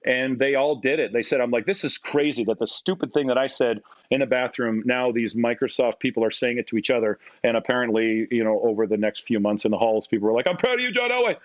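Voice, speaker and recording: A man's voice: mid-range voice, fairly even intonation, fast, few pauses, no room sound. A man from Canada in his forties, a podcast guest telling casual anecdotes, mocking himself and acting out the voices he quotes. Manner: self-deprecating, acts out quoted voices. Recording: slightly muffled dry recording.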